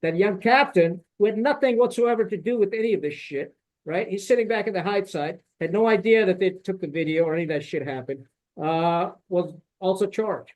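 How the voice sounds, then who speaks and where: Blunt, high-voiced middle-aged man. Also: a little fast, darkish tone, rough recording. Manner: blunt, profane and indignant, with frequent fillers and "right?" tags. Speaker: podcast guest, retired military officer. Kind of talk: candid storytelling in a podcast conversation.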